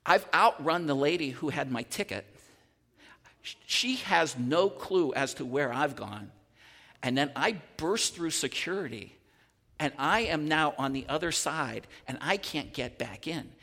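A male pastor preaches, breaking into animated, tumbling storytelling full of restarts and repeated words. His voice sits a touch higher than most men's. It rings out with a long reverb in a big church hall. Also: a little slow. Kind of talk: sermon with personal story. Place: church sanctuary.

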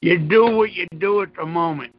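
A man's voice: high-pitched, moderate pace, dry recording, lo-fi sound. A man hosting a show, talking in rambling, profane casual banter with stammering restarts. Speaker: podcast host.

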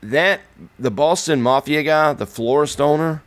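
A man's voice: fairly high pitch, a little slow. A man co-hosting a podcast, chatting casually about films and rambling with restarts. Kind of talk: casual movie chat.

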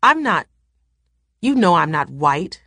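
A young woman in a fury, spitting insults in a voice pushed up above its low, dry base. A woman reads her lines aloud from a novel. The sound is close and dry, with no room around it. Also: unhurried, dry recording. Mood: furious. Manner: heated, shouting insults. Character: young woman, furious and indignant.

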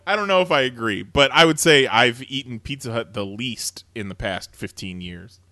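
A man's voice: medium pitch, lively intonation, normal speed, sharp tone, dry recording, studio quality. A man hosting a podcast in casual chat, chatty with many fillers and frequent laughter. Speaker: podcast host.

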